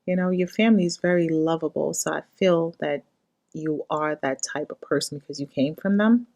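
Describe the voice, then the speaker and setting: Blunt, animated woman reviewer. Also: low voice, moderate pace. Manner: blunt, animated, talks straight to the cast. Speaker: reality show reviewer. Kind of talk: casual commentary on a reality show.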